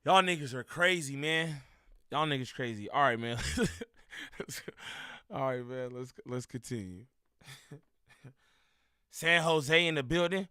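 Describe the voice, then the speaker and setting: A man livestreaming, reacting to a video and shouting out his chat in loose, slangy street talk with frequent laughs. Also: a little high, expressive, moderate pace. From Inland Empire, Southern California. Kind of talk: live-stream reaction and chat shout-outs.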